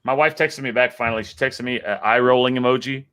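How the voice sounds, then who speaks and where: A man in casual beer-drinking chat, a relaxed, joking storyteller. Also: mid-range voice, quick pace, clear, resonant tone. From United States. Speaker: guest YouTuber.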